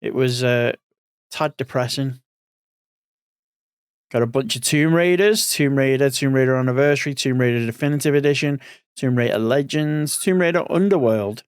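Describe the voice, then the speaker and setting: A man's voice: medium pitch, normal speed, smooth, no room sound, clean studio sound. Sleepy man rambling over game lists. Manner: rambling, thinking aloud, trailing off. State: sleepy, yawning. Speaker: streamer. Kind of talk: casual gaming commentary.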